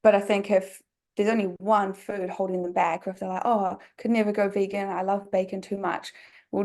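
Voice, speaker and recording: A young New Zealand woman with a medium-pitched, darkish voice and a Kiwi accent appears as a podcast guest. She talks chattily and casually, filling her sentences with "like".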